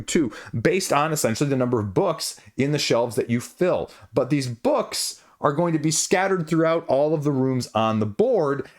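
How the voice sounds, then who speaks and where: Man reviewing a board game casually. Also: mid-range voice. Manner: conversational, rhetorical questions, asides.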